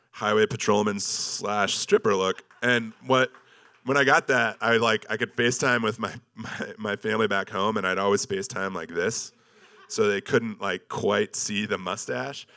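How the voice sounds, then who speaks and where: A man's voice: fairly low pitch, steady tone, measured pace, pushed and bright. A man giving a casual, joking slideshow talk about an expedition, self-deprecating and full of ums and likes. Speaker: speaker presenting an expedition slideshow.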